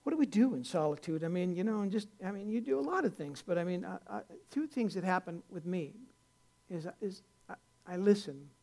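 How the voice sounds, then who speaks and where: A man's voice: sits high, expressive, brisk, gravelly, a little mellow. An older man, a pastor, preaching a conversational sermon in a folksy, rambling way, with many restarts, rising to earnest emphasis.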